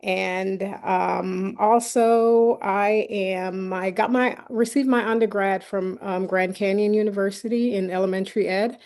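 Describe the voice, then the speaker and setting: A woman special education teacher introducing herself briskly on a video call. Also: mid-range voice, steady tone, darkish tone. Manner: quick and brisk at first, listing facts.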